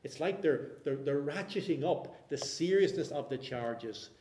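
Male preacher, measured teaching sermon, dark mellow tone, echoey hall. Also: a little high, expressive, slight background noise. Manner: measured, explanatory, with frequent restarts. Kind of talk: expository sermon. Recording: roomy echo.

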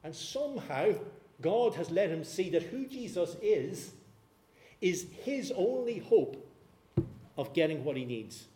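A man preaching a sermon, telling a scripture story in an animated way. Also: high-pitched, slow, echoey room, a little hiss or hum.

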